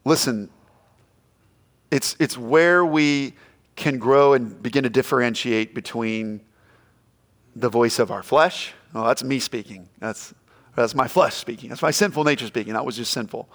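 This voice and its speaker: A middle-aged male pastor preaching a sermon, dropping to a hush and then shouting out quoted lines. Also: mid-range voice, unhurried. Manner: animated, swings from hushed to shouting quotes.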